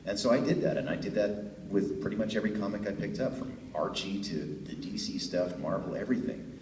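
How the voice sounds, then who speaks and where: A middle-aged man with a deep voice, a voice actor telling stories to fans at a convention panel, chatty and laughing easily. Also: brisk, a little mellow. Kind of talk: relaxed storytelling answer to a fan. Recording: echoey hall from far off, faint noise.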